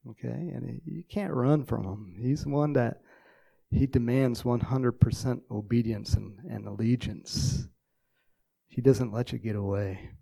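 A man's voice: medium pitch, fairly even intonation, a little slow, creaky, dark tone. A man preaching a casual sermon, telling stories and praying in a folksy, chatty way.

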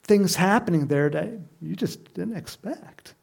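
A man preaching a sermon, animated, who acts out the crowd's shouts and reads scripture aloud. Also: sits high, measured pace, gravelly, husky. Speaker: pastor.

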